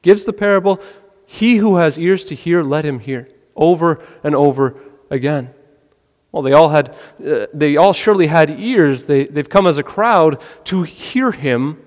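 A man preaching a sermon in an earnest way, asking questions and often dropping his voice low. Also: in a large hall. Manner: earnest, rhetorical questions, drops to a quiet voice. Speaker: pastor.

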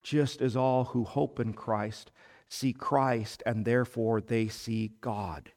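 Male pastor, unhurried emphatic sermon delivery, church hall echo. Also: medium pitch, fairly even intonation, darkish tone. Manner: slow, emphatic preaching with rising fervor. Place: church sanctuary. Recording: long hall reverb.

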